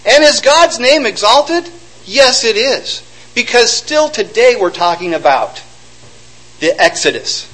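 A man with a high, lively voice preaches a sermon, retelling old stories and slipping into the voices of the people in them. His pitch jumps around a lot as he drives each point home. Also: a little slow, rough recording. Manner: animated storytelling, acting out quotes.

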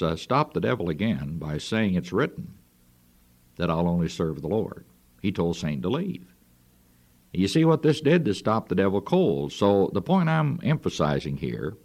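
A man with a low, gravelly voice preaches a radio sermon. His delivery is earnest and folksy, and his pitch rises and falls widely. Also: a little mellow.

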